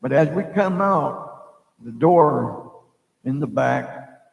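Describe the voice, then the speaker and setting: Middle-aged male psychic host, rough gravelly voice, meandering spoken story, booming echoey room. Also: expressive, slow, highs cut off. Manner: meandering, loses his thread, many fillers. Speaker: psychic storyteller hosting a live stream. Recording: echoey room with long reverb.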